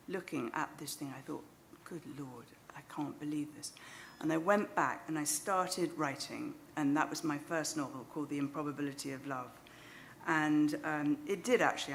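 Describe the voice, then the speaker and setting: British woman author, middle-aged, a little low-pitched, chatty stage anecdote, wry self-mockery. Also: creaky, a bit bright, slight background noise. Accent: British English. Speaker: novelist. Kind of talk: live storytelling on stage. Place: stage of a small club venue.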